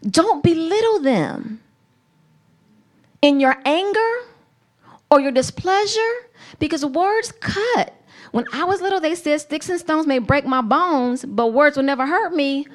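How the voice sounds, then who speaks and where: A woman preaching a sermon to a congregation, earnest and emphatic, with slow, deliberate phrasing. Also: high-pitched, animated.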